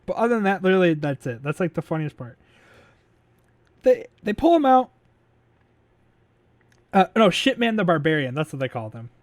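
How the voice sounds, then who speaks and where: A man's voice: sits high, sing-song, normal speed, long pauses, no echo. A man casually recapping a movie plot as a podcast host, rambling with lots of fillers, swearing and laughing as he goes.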